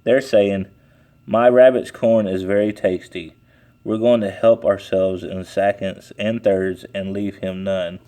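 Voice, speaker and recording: A man's voice: deep voice, fairly even intonation, warm tone. A man reading aloud and voicing a fussy, flustered male rabbit who talks in a hurry. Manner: flustered and hurried.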